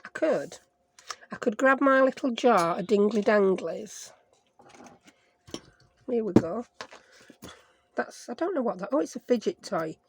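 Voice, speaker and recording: Gravelly-voiced chatty Sheffield woman. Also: fairly high pitch, expressive, unhurried, long pauses, noisy background. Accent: Sheffield English. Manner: rambling, self-mocking chatter with playful made-up words. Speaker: craft vlogger. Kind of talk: chatty craft-along narration.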